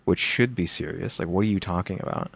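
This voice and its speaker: A man with a very low, gravelly voice gives casual reaction commentary. He thinks aloud, stops and restarts, and circles back to his points. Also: brisk, a bit bright, dry recording, clean studio sound. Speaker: reaction co-host.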